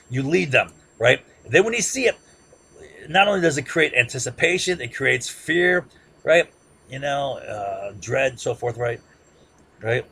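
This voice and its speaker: Raspy, gravelly man lecturing emphatically. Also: mid-range voice, fairly bright tone. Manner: emphatic, keeps asking "right?"; rambling with frequent restarts and filler. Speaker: political commentator. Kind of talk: impassioned informal history lecture.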